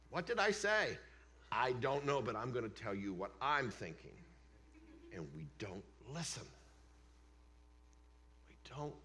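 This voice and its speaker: A male pastor delivering a sermon in a church sanctuary. He talks slowly and deliberately, his pitch rising and falling in a lively way as he moves between emphatic declarations and quiet, hushed asides.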